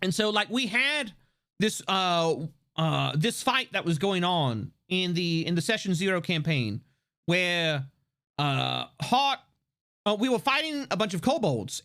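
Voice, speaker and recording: Lively, rambling livestream chatter. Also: medium pitch, measured pace. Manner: rambling, full of fillers and restarts; excitable, laughs often. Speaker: streamer. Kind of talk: casual livestream chat.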